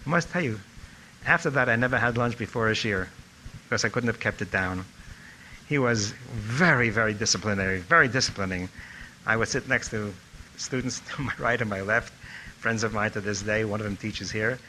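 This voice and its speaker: In a lowish voice and a slightly quick pace, an older former student reminisces about his teacher in a tribute speech, sharing anecdotes. His storytelling livens up whenever he quotes people. Audio is poor, with some hiss or hum.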